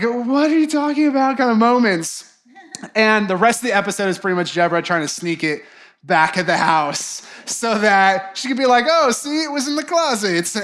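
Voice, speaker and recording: High-voiced young man preaching casually. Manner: casual, animated, acts out quoted reactions. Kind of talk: sermon.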